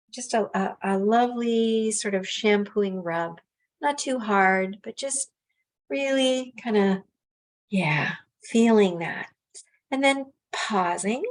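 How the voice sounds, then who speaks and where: A woman teaching a guided self-massage relaxation, speaking gently and unhurriedly with soft pauses and fillers. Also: medium pitch.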